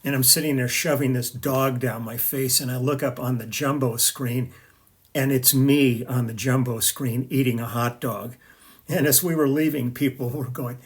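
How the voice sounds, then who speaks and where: An older man spins loose stories straight to his viewers, full of ums and false starts. His voice sits at an everyday middle pitch, and the talk stays easygoing and unscripted. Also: normal speed. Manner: rambling storyteller with fillers and restarts. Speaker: session bassist and video host. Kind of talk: casual chat to camera.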